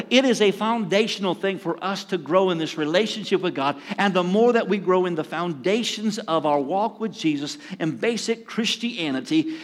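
An older pastor preaches in a chatty, storytelling way, now and then acting out his own asides. His voice sits high for a man. It carries the long reverb of a church hall. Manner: conversational preaching with acted asides and chuckles. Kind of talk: sermon. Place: church sanctuary.

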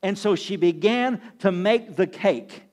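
High-voiced man preaching a sermon. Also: a little slow. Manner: preaching with sweeping swings in pitch and loudness; asks the congregation questions. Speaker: pastor.

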